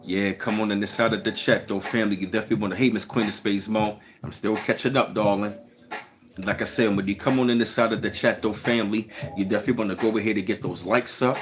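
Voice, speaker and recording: Laid-back Baltimore man, deep voice. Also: quick pace. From Baltimore, Maryland. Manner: relaxed, greets chat by name. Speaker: live streamer. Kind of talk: casual live-stream chat.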